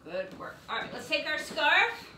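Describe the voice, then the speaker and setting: A woman's voice: sits high, big pitch swings, measured pace, bright, forceful tone, a little hiss or hum. A woman teaching a yoga class for young children in a sing-song, encouraging, playful way. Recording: echoey room, mic at a distance.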